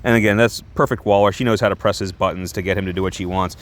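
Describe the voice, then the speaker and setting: A man's voice: sits low, fairly even intonation, racing. A man casually reviewing a comic book in a rambling, crude, chatty way, laughing often and correcting himself as he goes.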